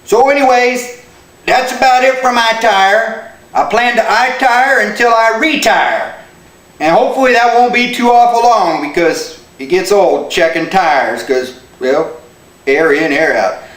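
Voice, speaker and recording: A man with a very high, bright voice clowns through a homemade how-to, full of folksy country slang and hammy yelps. The sound is echoey, like a home video shot by a truck. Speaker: comic tire-check demonstrator. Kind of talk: goofy comedic how-to video.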